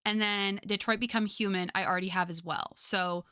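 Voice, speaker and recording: A woman's voice: mid-range voice, fairly even intonation, fairly quick, bright, forceful tone, clean tone, no room sound, clean studio sound. A young woman streamer chatting casually with her viewers, rambling with lots of fillers and frequent laughter.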